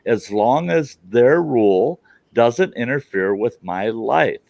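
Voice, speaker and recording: A man's voice: mid-range voice, expressive, slow pace, vocal fry, dry recording, dull audio. A man ranting bluntly in a casual group chat, acting out dialogue as he goes. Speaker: call participant.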